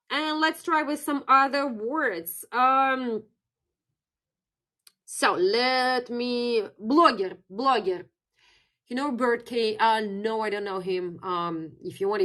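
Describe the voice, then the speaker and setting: This is a young woman from Russia, speaking English with a Russian accent in a slightly higher register. She runs a live-stream lesson on her native language in a loose, chatty way and reads out comments from viewers. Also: fairly bright tone. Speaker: online Russian language teacher.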